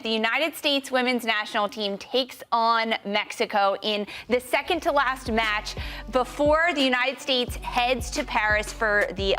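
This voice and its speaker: A woman's voice: a little high, pushed and bright. A woman hosting a sports talk show, reading news items and passing questions to her panelists. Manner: reads news segments, then throws to panelists. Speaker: host.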